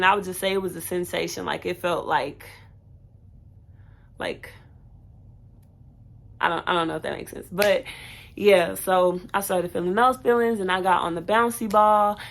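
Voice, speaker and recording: A woman's voice: mid-range voice, moderate pace. A young woman telling her own birth story in a casual storytime vlog, candid and chatty, with fillers and self-corrections.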